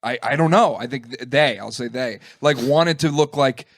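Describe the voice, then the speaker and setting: A man's voice: medium pitch, moderate pace. A man co-hosting a comedy podcast, telling rambling stories in casual chat and dropping into silly mock voices. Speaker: podcast co-host.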